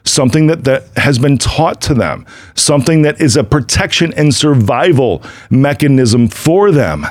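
A man talks through his own podcast episode in a loose, emphatic way, circling back on points and tossing in "right?" as he goes. His voice sits at an ordinary middle pitch. The recording is close and dry, with no room echo. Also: lively intonation, normal speed. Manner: emphatic, repetitive, conversational with frequent "right?". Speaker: podcast host. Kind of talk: casual solo podcast monologue.

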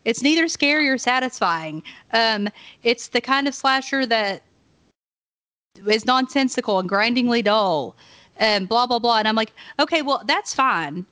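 Woman, podcast co-host, giggly, chatty, a bit high-pitched, dry mic. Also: lively intonation, moderate pace, fairly bright tone, no room sound. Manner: giggly, reacts with exclamations. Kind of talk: casual movie chat.

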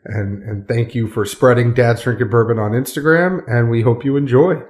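A man's voice: mid-range voice, normal speed, a little mellow. A man hosting a casual podcast from a friend's home, upbeat and chatty, laughing often into a studio mic. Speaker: podcast host. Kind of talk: casual chat. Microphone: studio microphone.

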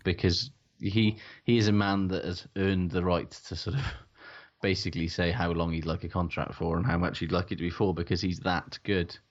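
Deep-voiced sweary rugby pundit. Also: male voice, level tone, moderate pace, lo-fi sound. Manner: blunt, sweary, emphatic. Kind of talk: casual sports podcast chat.

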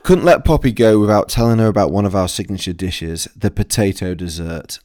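Male chef-host with a deep voice who walks through recipes step by step in easygoing chat. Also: a little fast, a little mellow. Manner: easygoing, explains dishes step by step. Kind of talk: casual interview chat.

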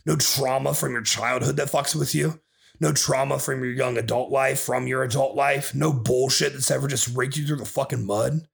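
A man's voice: mid-range voice, fairly even intonation, normal speed, gravelly. A man hosting a podcast as a bodybuilding coach, ranting in an aggressive, profane way and swearing constantly.

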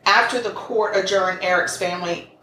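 A woman co-hosts a casual crime podcast and tells the story in a blunt, swearing way, acting out the quotes she reads. She sounds set back from the microphone in an echoey room with faint noise behind her. Her pitch sits in the middle. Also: normal speed, distant mic. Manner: blunt, swears, animated quoting. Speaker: podcast co-host. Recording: roomy echo, a bit off mic, faint noise.

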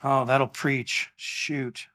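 A man preaching a sermon in a church, animated and exclamatory in a conversational way. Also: mid-range voice, extremely slow. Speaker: pastor.

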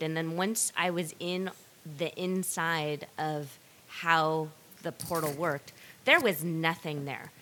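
A woman's voice: sits low, a bit bright. A woman hosting a podcast, talking candidly in casual conversation. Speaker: podcast host. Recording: faint hiss.

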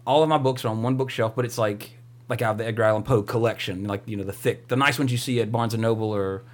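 A man co-hosting a podcast talks fast in a lowish voice with a steady tone. The chat is casual, and he rambles with plenty of filler words.

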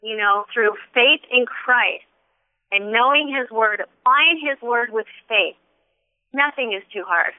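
A woman shares a personal faith testimony in an earnest, animated way, acting out the quotes she tells. Her voice is a little high and smooth. It sounds dry and tinny, as if it came over a phone line. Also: measured pace, no echo. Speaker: guest sharing a testimony. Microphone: telephone.

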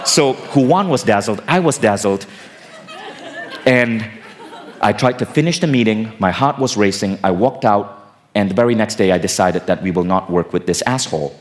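A man delivers a personal growth keynote on stage in a fairly low voice. He speaks emphatically and casually and talks straight to the audience. Now and then he drops in a swear word for punch. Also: normal speed, some chatter behind. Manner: emphatic, casual, sometimes profane.

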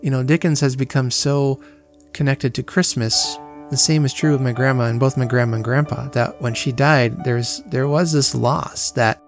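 An earnest male podcast host speaks in a casual, reflective monologue at a middle pitch. He talks at home, and faint music plays softly behind him. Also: steady tone, moderate pace.

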